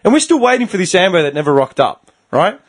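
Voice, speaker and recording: A podcast host with a high, breathy voice talks quickly, telling a heated story in casual chat. He's an animated, profane ranting storyteller who swears freely and acts out what people said.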